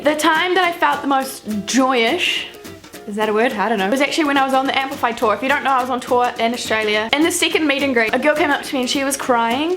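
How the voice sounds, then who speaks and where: A woman's voice: sits high, fairly bright tone. A young woman from New Zealand telling personal stories to camera in a chatty, self-mocking way. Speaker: vlogger. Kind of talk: casual storytelling to camera.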